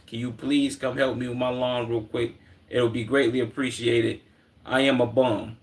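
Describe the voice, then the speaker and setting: A man's voice: medium pitch, little pitch movement, normal speed, close to an everyday voice. Man mimicking a brash pleading pregnant woman. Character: fed-up pregnant woman begging for help.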